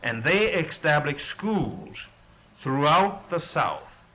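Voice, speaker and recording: A man's voice: on the high side, animated, slow pace, sharp tone, rough recording. A middle-aged man speaking earnestly in an interview, with a preacherly build and repeated words as he presses a point. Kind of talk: impassioned recollection.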